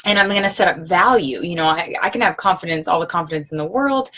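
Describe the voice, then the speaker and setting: A woman's voice: on the low side, lively intonation, fast talker, fairly bright tone. A woman giving a casual sales training talk, conversational, checking in with her listeners often. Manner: conversational, often checks in with "okay?" and "you know".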